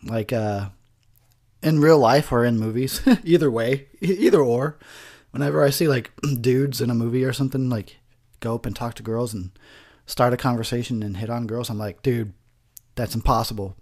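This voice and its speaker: Man, tipsy movie commentary, rambling, swears a lot, laughs often, average pitch. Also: normal speed, a little mellow.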